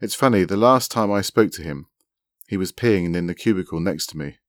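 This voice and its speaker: A man's voice: deep voice, a little fast, dry recording, studio quality, close to an everyday voice. A man reading aloud and voicing a shy, matter-of-fact woman in an online chat. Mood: mild.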